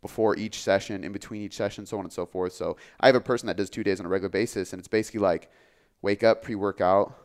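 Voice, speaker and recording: A man who works as a fitness coach, talking casually on a podcast, relaxed and full of filler words. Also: fairly low pitch, quick pace, smooth. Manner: relaxed, filler-heavy, says "like" often.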